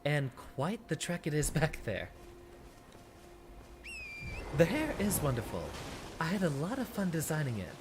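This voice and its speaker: A man's voice: a little high, big pitch swings, measured pace, pauses often, noisy background. A man streaming a video game, chatting with viewers in a playful, theatrical way. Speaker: VTuber streamer. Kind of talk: casual gameplay commentary. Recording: game music behind.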